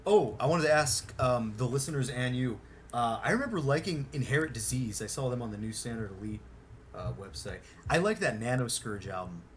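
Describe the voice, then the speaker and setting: A male podcast host talking loosely in an everyday voice of ordinary pitch. He rambles, restarts and swears freely. A faint hiss of noise sits under the voice. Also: expressive, brisk. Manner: rambling, profane, heavy on fillers. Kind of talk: casual podcast chat.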